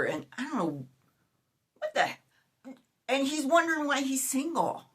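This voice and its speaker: Animated woman in her fifties, ranting. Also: on the high side, moderate pace. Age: 50s. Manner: animated, exasperated ranting with sudden outbursts. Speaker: YouTuber. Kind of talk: casual vlog rant.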